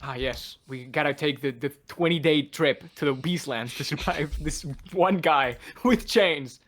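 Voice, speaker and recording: Man, tabletop player, excitable, laughs a lot, high-ish voice. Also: unhurried, slight background noise. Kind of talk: playing a tabletop game online.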